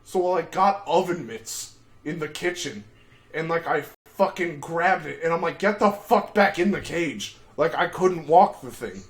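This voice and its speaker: Profane, high-voiced male streamer. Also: lively intonation, a little slow. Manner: crude, profane storytelling with shouted outbursts. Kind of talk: casual livestream chat.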